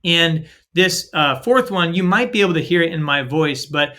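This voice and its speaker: A man co-hosting a faith-based podcast, talking in a casual, upbeat, energetic way. His voice sits a bit high and rings bright and forceful. He leans on fillers and acts out little dialogues as he goes. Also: normal speed, hardly any pauses. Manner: lots of filler 'like' and 'right?'. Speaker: podcast co-host.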